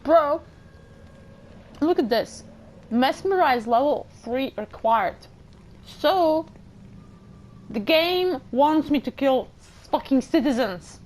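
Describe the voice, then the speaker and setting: A woman's voice: high voice, expressive, slow pace, long pauses, a little mellow, low-quality recording. A woman giving playful, slangy let's-play commentary over a video game. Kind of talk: casual gaming commentary.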